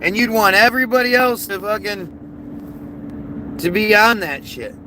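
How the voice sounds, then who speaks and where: A man's voice: high voice, measured pace, background noise. A man ranting heatedly and profanely on a livestream, reading chat and often restarting his sentences. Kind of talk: casual livestream rant.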